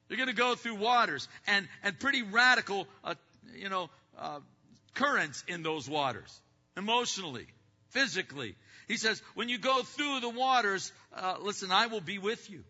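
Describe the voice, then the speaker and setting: High bright preacher in a reverberant hall. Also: male voice. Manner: preaching with sudden swings from loud to hushed; acts out distracted listeners in quick asides. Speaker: pastor. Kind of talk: sermon. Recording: dull lo-fi sound with long hall reverb.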